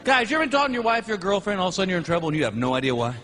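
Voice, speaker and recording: A middle-aged man doing a stand-up comedy set, telling stories with loud whooping outbursts. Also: high voice, rapid-fire. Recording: live show with audience noise.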